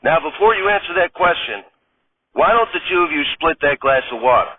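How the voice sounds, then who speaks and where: A man doing a smooth scheming peddler. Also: on the high side, animated, brisk, voice pushed up. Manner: smooth, matter-of-fact salesman patter. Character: smooth scheming drug peddler, male, adult. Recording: tinny phone-like sound.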